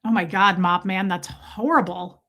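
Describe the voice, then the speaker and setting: A woman in her forties hosting a casual livestream, telling stories in an animated way and reading viewer comments aloud. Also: medium pitch, moderate pace. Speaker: livestream host.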